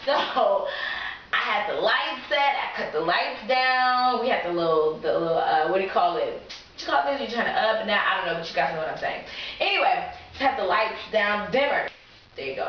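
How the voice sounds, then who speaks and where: Young woman vlogger, animated storyteller, roomy dull home recording. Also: a little hiss or hum. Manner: animated, laughing, acts out quotes in a higher voice. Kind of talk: casual storytelling to camera. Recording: echoey room, distant lo-fi mic.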